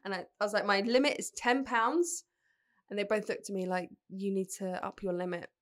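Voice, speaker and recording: A woman's voice: mid-range voice, fairly even intonation, fairly quick. A young woman co-hosting a podcast, telling stories in chatty, laughing casual talk. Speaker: podcast co-host. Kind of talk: casual chat.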